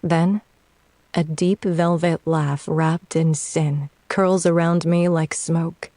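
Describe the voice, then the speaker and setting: A woman narrating a dark romance audiobook in first person, unhurried and tense, also voicing a nervous heroine. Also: sits low, steady tone, no echo. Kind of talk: dramatic audiobook reading.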